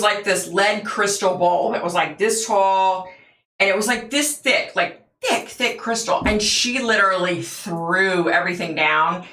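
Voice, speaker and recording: A woman's voice: medium pitch, sharp tone, echoey room. A woman hosting a livestream, telling stories in a chatty way, laughing often and answering viewers' comments. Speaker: livestream host. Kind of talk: casual chat with viewers.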